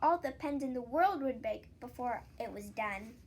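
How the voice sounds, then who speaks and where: A woman voicing a kindly old male poet in a children's storybook, calm and persuasive. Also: fairly high pitch, moderate pace, a little hiss or hum. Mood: earnest. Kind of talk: children's storybook read-aloud.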